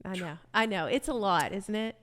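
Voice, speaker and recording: A woman's voice: mid-range voice, animated, moderate pace, a bit bright, big-room sound, a little hiss or hum. A woman co-hosting a live radio interview, talking encouragingly to the guest. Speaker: radio co-host.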